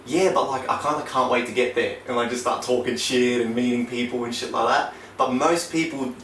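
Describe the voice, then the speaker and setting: A man's voice: medium pitch, brisk. A young man, a podcast host, telling stories in casual, sweary chat. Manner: sweary, animated storyteller. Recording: echoey room, mic at a distance, faint noise.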